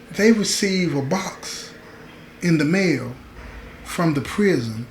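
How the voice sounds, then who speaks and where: A man with a fairly high voice tells a story in a slow, dramatic way, pausing for effect and speaking straight to his listeners. His voice rings in an echoey room. A faint hum of ambient noise sits behind him. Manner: slow, dramatic pauses, addresses listeners as y'all. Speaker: storyteller host. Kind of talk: storytelling to an online audience.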